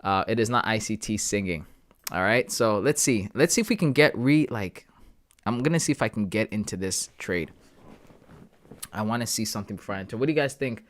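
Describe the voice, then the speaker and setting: A young man hosting a live trading stream, thinking out loud and talking casually to his viewers. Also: fairly low pitch, expressive, fairly quick. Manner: thinking aloud, talks to chat with "guys" and "bro". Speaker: trading livestream host.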